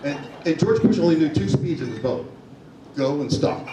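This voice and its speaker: A man's voice: fairly high pitch, expressive, moderate pace, a crowd in the background. Older man telling stories in an echoey room. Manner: chatty storyteller, laughs through his stories. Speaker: guest speaker, former Secret Service agent. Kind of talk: anecdotal talk to a meeting. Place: meeting room. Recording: echoey room, distant mic, noisy.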